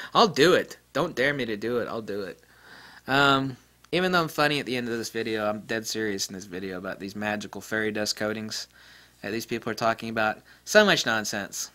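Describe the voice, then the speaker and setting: A man's voice: fairly low pitch, a little fast. Blunt, sarcastic man ranting about lenses. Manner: blunt, sarcastic, animated, swears freely and mimics others mockingly; digresses into jokes and laughs at his own humor. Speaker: photography video host. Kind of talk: ranting casual monologue.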